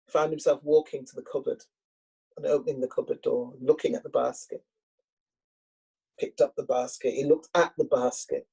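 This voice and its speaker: A woman telling a folktale aloud, with a dramatic, rhythmic delivery and repeated phrases. Her voice is dark and gravelly, with a husky grain. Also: a bass voice, steady tone, moderate pace, pauses often, poor audio. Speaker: storyteller.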